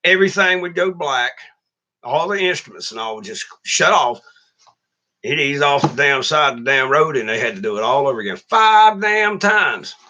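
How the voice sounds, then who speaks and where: A middle-aged man hosts a casual livestream and grumbles through trucking stories. He is blunt and profane. His voice sits a bit high and has a very bright, cutting edge. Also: lively intonation, normal speed, dull audio. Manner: blunt, profane, complaining storyteller. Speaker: truck driver and channel host.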